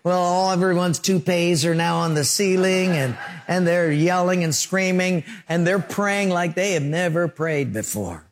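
A pastor delivers a sermon in a somewhat high man's voice. He tells vivid stories and acts out quick voices and sound effects to make his points.

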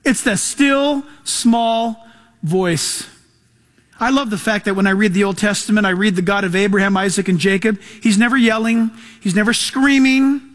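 A male pastor preaching a sermon, emphatic, swinging between loud passages and hushed ones. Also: sits high, normal speed.

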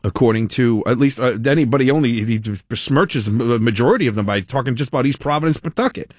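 A middle-aged man hosting a talk show, telling stories in a chatty, animated way and laughing often. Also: mid-range voice, quick pace, no echo, clean studio sound. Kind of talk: casual talk-radio storytelling.

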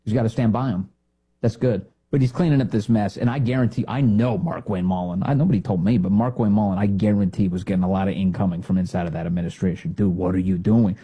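A man's voice: lowish voice, steady tone, fast talker, warm tone, husky. A man hosting a talk show, giving blunt, emphatic and sarcastic political commentary.

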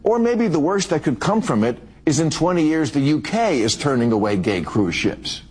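A man's voice: on the high side, very animated, moderate pace, darkish tone, slight background noise. A man in a played clip delivering a provocative, sardonic opinionated monologue.

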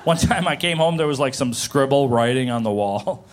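A man does stand-up comedy, telling family stories and acting out the voices in them. His pitch swings widely, and clear background noise sits under the recording. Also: moderate pace. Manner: storytelling with lively acted-out voices.

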